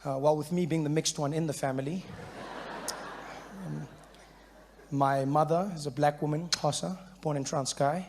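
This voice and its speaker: A South African man in his thirties performing stand-up comedy, animated and full of character bits. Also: on the high side, normal speed, long pauses, a little hiss or hum. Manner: animated, switches into character voices.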